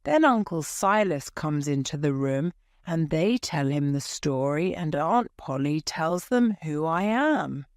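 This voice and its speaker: A woman narrating a graded-reader story in the first person with a clear, expressive reading. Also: deep voice, unhurried, no room sound, studio quality. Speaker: audiobook narrator.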